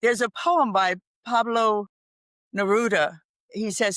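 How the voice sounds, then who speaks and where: A woman's voice: fairly high pitch, expressive, unhurried, a bit bright, no room sound. An older woman speaking as a guest on a podcast interview. She is reflective, reciting poetry and laughing easily. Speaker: guest expert. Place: home in Ireland.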